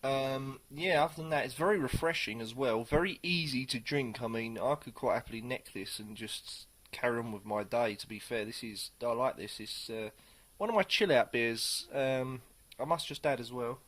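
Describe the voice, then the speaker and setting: Man, casual beer reviewer, rambling and unhurried, mid-range voice. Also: medium pitch, a bit bright. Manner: rambling, hesitant, many pauses.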